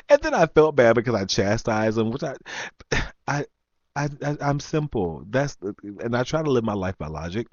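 A man's voice: medium pitch, sing-song, moderate pace, dry recording, highs cut off. A man hosting a live chat stream, telling a story in a casual rant, laughing often and trailing off with ums.

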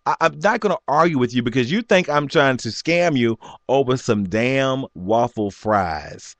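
A man in his forties telling a story in an animated rant, laughing often and jumping up high when he quotes people. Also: moderate pace, dry recording. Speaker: vlogger.

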